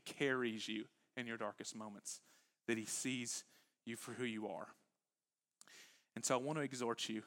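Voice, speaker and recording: Conversational pastor preaching warmly. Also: male voice, medium pitch. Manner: conversational preaching that moves between quiet, intimate lines and animated bursts. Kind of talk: sermon. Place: church sanctuary with live congregation.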